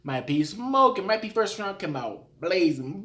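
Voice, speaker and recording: A man giving a casual recap of rap battles, talking in an animated way and acting out his own reactions. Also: high voice, a little slow.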